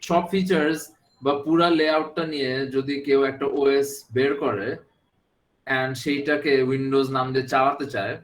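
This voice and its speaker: A man's voice: mid-range voice, steady tone, racing, echoey room, rough recording. A man with a Bangladeshi accent teaching a class, switching between English and Bengali and often checking that his students follow. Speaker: university lecturer. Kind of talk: classroom lecture.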